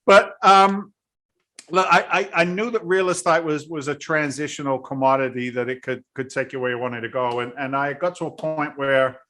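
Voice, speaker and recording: A man's voice: fairly high pitch, fairly even intonation, normal speed, pushed and bright. A man, a guest in a casual interview, telling his story bluntly and with animation. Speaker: guest, real estate investor.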